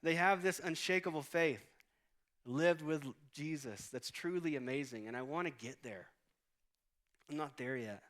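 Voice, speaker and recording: A man's voice: a little high, measured pace, a bit bright. Casual joking pastor in his thirties. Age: 30s. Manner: conversational storytelling with humor. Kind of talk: sermon. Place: church auditorium stage.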